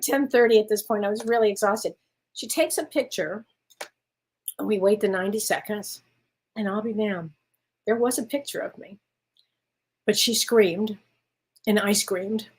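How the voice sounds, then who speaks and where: A middle-aged woman, a spiritual medium hosting her show, telling a personal story in casual chat and acting out the dialogue. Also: medium pitch. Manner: animated anecdote teller who acts out dialogue.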